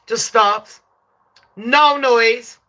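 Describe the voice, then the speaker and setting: Young woman, brash streamer voice, bright and highish, sweary with big laughs. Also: very slow. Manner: loud, sweary, laughs and shrieks often. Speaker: live stream host. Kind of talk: casual storytelling to chat.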